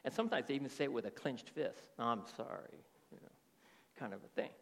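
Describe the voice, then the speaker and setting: Man, middle-aged, pastor, sermon, raspy gravelly voice, long hall reverb. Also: medium pitch, fast. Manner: animated preaching with rhetorical check-ins.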